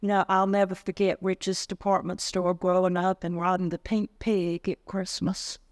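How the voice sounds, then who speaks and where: A woman's voice: fairly low pitch, level tone, normal speed. Woman interviewer asking follow-ups. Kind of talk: conversational interview.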